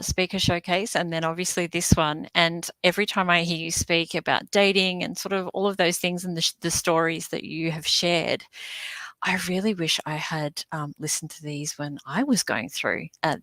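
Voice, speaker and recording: A woman's voice: on the low side, a bit bright, dry recording. A woman from Sydney with an Australian accent, hosting an online business event over a video call with chatty fillers and small stumbles. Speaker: event host.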